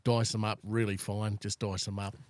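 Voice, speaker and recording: A man's voice: on the low side, flat delivery, normal speed, darkish tone, no echo. A middle-aged Australian man hosting a casual podcast chat over beers, blunt and swearing freely as he tells stories. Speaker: podcast host.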